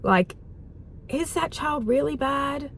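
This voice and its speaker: A woman hosting her own video and leading a heartfelt guided reflection, rambling gently and filling her talk with "like". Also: sits high, lively intonation, slow pace, gravelly, a little hiss or hum. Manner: rambling, heartfelt, full of "like" fillers. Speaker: wellness host.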